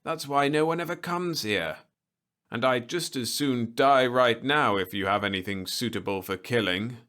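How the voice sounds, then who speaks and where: A man's voice: mid-range voice, moderate pace, fairly bright tone, voice pushed up, close to an everyday voice. A man reading a storybook aloud, voicing a frail, pampered young city man who speaks in a listless, plaintive, slightly haughty way. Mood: listless, gloomy.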